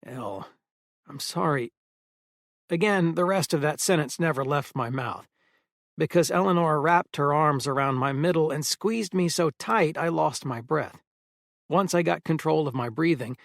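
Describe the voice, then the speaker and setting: A man narrating a first-person audiobook in a steady storytelling manner. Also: fairly high pitch, normal speed, gravelly, no room sound, studio quality.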